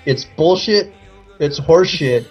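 A man co-hosts a podcast in a casual, wry chat, often laughing. His voice is husky, and his pitch swings in a lively way. The recording sounds dull and lo-fi. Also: a little slow, faint music behind. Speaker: podcast co-host.

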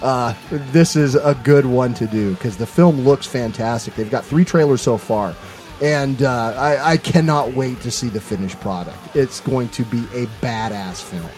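A man's voice: medium pitch, moderate pace, darkish tone, soft background music. A man co-hosting a casual podcast, rambling through plugs with many filler sounds. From Seattle area. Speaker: podcast co-host.

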